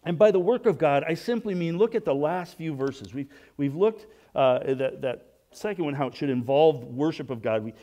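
A man preaching a sermon in a conversational way, asking rhetorical questions and often restarting his sentences, and dropping to a soft hush when he voices prayers. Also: fairly high pitch, expressive, moderate pace, few pauses, lo-fi sound. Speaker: pastor.

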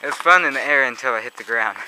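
A man's voice: mid-range voice, fast talker. Breathless young man vlogging outdoors. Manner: chatty, breathless, narrating what he films. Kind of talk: casual handheld vlog. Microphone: handheld camera mic. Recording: loud noisy outdoor camera audio.

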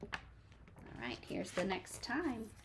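A woman's voice: medium pitch, wildly swooping pitch, extremely slow, noisy background. A young woman teacher reading a picture book aloud to her class and chatting with the children, encouraging and full of ums and likes.

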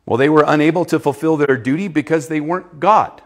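Male youth preacher, slightly high voice, emphatic sermon delivery with sudden quiet stretches. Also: a little fast. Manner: emphatic, swinging from loud to hushed; asks the audience questions.

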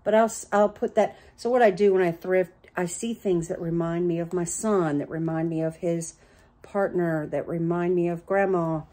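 A middle-aged woman with a lowish voice speaks at a moderate pace in a casual home vlog about her thrift haul. Chatty and excitable, she gushes over each little find she shows off.

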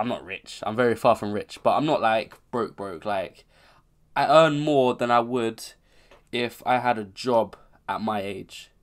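A man of twenty-one, talking casually to camera at home, sounding ill and rambling with frequent self-corrections. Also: fairly low pitch. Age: 20s. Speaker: content creator. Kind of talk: casual unscripted vlog. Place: home bedroom.

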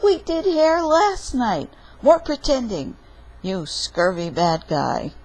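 A woman doing a high, bossy little fox kid. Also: lively intonation, takes it slowly, darkish tone, exaggerated voice, rough recording. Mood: eager. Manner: bossy, gleefully dramatic. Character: playful young fox kid, bossy imaginative.

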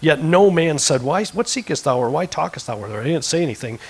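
A man preaching a sermon in a church, swinging between quiet conversational asides and impassioned, emphatic peaks. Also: a little high, animated, fast, slightly rough, poor audio. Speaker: pastor. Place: church sanctuary.

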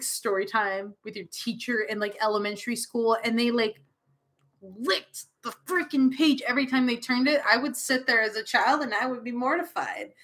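A woman's voice: fairly high pitch, moderate pace, fairly bright tone. A young woman streamer reading a visual novel aloud and rambling off into giggly, self-interrupting asides.

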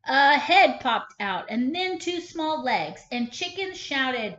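A woman kindergarten teacher reading a picture book aloud, expressive and stopping to ask the children questions. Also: high voice, measured pace, few pauses. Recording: echoey room, slightly dull sound.

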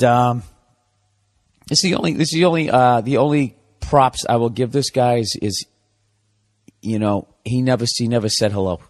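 A man hosting a podcast, telling a comic story in a profane, ranting monologue. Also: mid-range voice. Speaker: podcast host.

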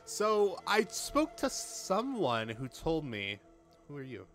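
His voice a little high and sing-song, slightly bright, this young let's-play gamer takes it slowly and pauses often over soft background music. Using a home desk mic with a pop filter, he casually reads out dialogue, jokes at himself, and swears when things frustrate him.

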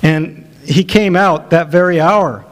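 A man's voice: fairly high pitch, takes it slowly. A middle-aged male pastor preaching an expository sermon, rising to emphatic peaks when he quotes scripture.

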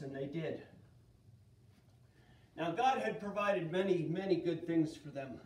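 A middle-aged man leading a children's Bible lesson, telling the story in a lively way and asking the kids questions. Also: sits high, measured pace. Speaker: children's church teacher. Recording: echoey room, voice from a distance.

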